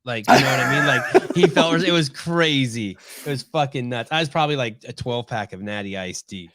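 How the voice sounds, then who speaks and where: A middle-aged man hosting a podcast, telling stories in casual chat, swearing freely and getting animated. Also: medium pitch, fairly quick, dry recording, studio quality. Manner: profane storytelling, animated. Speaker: podcast host.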